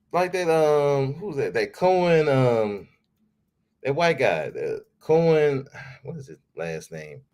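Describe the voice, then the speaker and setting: A man's voice: mid-range voice, darkish tone. A man hosting a podcast, ranting in a casual, heated way, swearing freely and repeating himself. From United States. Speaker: podcast host.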